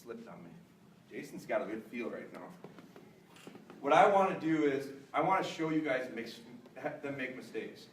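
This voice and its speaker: A man's voice: moderate pace, slight background noise. A middle-aged man, a dog trainer, giving a live seminar to an audience in a large store hall, chatty and joking. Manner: chatty, joking, jumps to high excited praise voice. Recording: roomy echo, mic at a distance.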